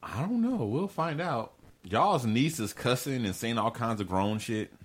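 A man's voice: medium pitch, expressive, a little slow, husky. A man hosting a podcast in casual chat, telling stories loosely, swearing freely and laughing often. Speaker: podcast host.

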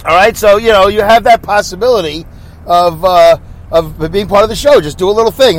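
A man's voice: high-pitched, brisk. A man hosting his own podcast in a chatty, rambling, wry monologue, talking on the road as motorcycles pass. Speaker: podcast host. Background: passing traffic.

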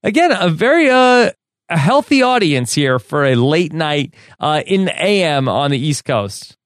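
Podcast host guy, smooth clear voice, kinda high, brisk, dry mic. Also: very animated, fairly bright tone, no echo. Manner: brisk, wraps up with plugs. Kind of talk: casual TV recap podcast talk.

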